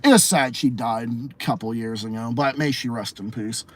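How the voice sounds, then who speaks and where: This podcast host and streamer has a medium-pitched voice at a moderate pace, with no room sound in the recording. Hosting a late-night livestream podcast, he rants casually, curses a lot, says things more than once, and laughs frequently.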